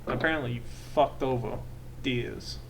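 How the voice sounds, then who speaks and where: A man's voice: mid-range voice, moderate pace, crowd noise, natural voice. A man doing a profane crime-family boss. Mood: blunt anger. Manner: gruff, swears freely. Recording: noisy home recording.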